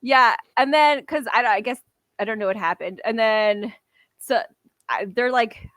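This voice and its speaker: Bright, chatty young woman storyteller. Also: on the high side, unhurried, dry recording. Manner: rambling storyteller, lots of "like", laughs often. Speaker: podcast co-host. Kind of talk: casual chat.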